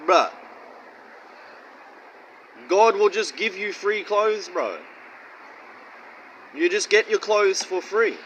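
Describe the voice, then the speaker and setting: A man's voice: sits high, fairly bright tone, a little hiss or hum, rough recording. A man giving casual Bible teaching in a blunt, profane, mocking way and rambling slang. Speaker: street-style preacher.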